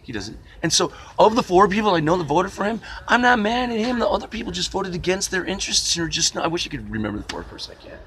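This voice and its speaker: A man's voice: high voice, big pitch swings, fast, few pauses, crowd noise. A man vlogging a casual, rambling rant with a sarcastic, wry manner.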